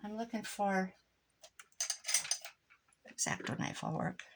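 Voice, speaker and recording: Woman, sixties, rambling craft vlog chatter, mid pitch, faint background hiss. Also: takes it slowly, creaky. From Iowa, USA. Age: 60s. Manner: rambling, animated anecdotes with asides about the craft. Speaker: crafting vlogger. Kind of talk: chatty storytelling while crafting. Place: home craft desk indoors.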